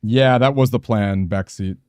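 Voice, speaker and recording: A man's voice: fairly low pitch, measured pace, darkish tone, clear, resonant tone, dry recording. Anxious man muttering through a game. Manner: anxious, thinking aloud, muttering to himself. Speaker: gaming streamer. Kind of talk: let's play commentary.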